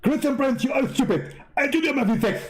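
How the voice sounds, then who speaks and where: Brief: a man playing an impatient, high-pitched man who brushes off visitors. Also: animated, fast, loud music behind the voice. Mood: irritated. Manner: impatient, scolding. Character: busy, irritable man shooing a visitor away.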